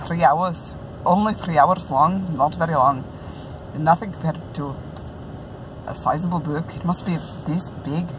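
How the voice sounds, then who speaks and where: A woman's voice: mid-range voice, slight background noise, rough recording. A middle-aged woman with a put-on Scottish brogue gives a chatty, self-mocking book review, often breaking into laughter. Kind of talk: casual book review vlog.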